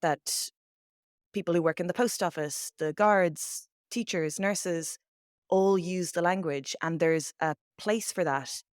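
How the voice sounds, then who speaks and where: A woman with a Dublin Irish accent talks as an interview guest, a teacher who tells anecdotes with energy and slips into the voices of the people she quotes. Her voice sits a little low for a woman. The sound is dry and close, with no room around it. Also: takes it slowly, no echo. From Ireland. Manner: animated storyteller, acts out quoted voices. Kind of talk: conversational interview. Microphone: remote call mic.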